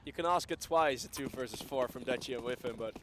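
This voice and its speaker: A man's voice: mid-range voice, quick pace, very noisy. A man giving casual color commentary on an esports match, rambling with many fillers. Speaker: esports co-caster.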